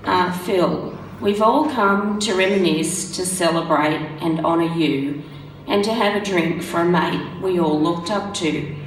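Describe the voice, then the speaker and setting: A woman with a hoarse, croaky voice reads a written tribute in a steady, measured way. Her voice sits slightly low. She is heard from far off in a roomy hall, with faint ambience behind. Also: slight background noise. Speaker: speaker reading tributes. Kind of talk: reading a prepared tribute. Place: function room. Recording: roomy sound from a distant mic.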